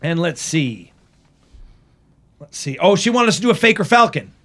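A man with a slightly high voice hosts a podcast, chatting casually and reading listener posts aloud with a joking edge. The sound is dry and close, with no room around it. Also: animated, normal speed, fairly bright tone, no room sound. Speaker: podcast host.

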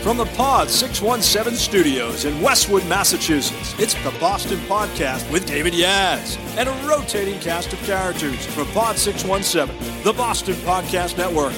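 A man with a high-pitched voice announces a show's opening, with loud music playing under him. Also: expressive, normal speed, hardly any pauses. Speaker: show announcer. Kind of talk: announcer intro.

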